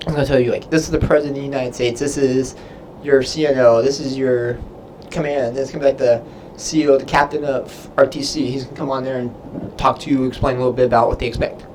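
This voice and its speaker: A man's voice: mid-range voice, steady tone, quick pace, few pauses, a little mellow, a little hiss or hum, low-quality recording. A young man, a Navy sailor, casually answering viewer questions on a livestream, rambling with lots of fillers. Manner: rambling, filler-heavy, loses his train of thought.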